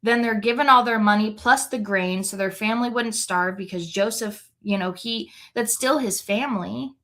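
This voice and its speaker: A woman's voice: medium pitch, moderate pace, fairly bright tone. A woman Bible teacher reading scripture aloud and adding chatty, reflective commentary, often checking in with "right?". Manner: conversational, tag questions like "right?".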